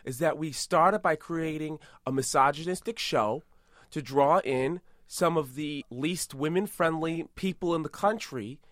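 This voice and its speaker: Brief: man playing a boastful tough-guy celebrity, rambling and absurd, fairly high voice, dry close mic. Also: no echo, natural voice. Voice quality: rambling, self-aggrandizing, deadpan absurd. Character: boastful tough-guy movie star impression, male adult. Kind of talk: improvised comedy podcast.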